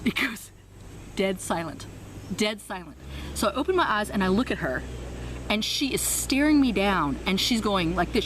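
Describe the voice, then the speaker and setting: A woman guest in an interview, telling a story with lively energy and acting out the people she quotes. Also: mid-range voice, slight background noise, low-quality recording. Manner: lively, acts out quoted voices. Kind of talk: animated storytelling.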